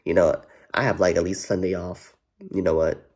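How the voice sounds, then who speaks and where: A man's voice: low voice, little pitch movement, moderate pace, a little mellow, breathy edge. A man vlogging in a rambling, profane way, full of "you know what" fillers and repeats. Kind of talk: casual rambling commentary.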